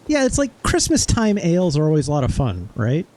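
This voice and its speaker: A man's voice: on the high side, wildly swooping pitch, fairly quick, mellow. A male streamer in casual gameplay commentary. He chats while he plays and mutters mild curses when things go wrong.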